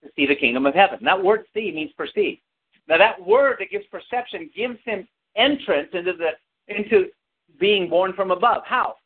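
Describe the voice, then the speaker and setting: A man preaching a sermon, calling out to the congregation for responses and telling a story from his childhood. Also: high voice. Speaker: pastor. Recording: tinny lo-fi with hiss.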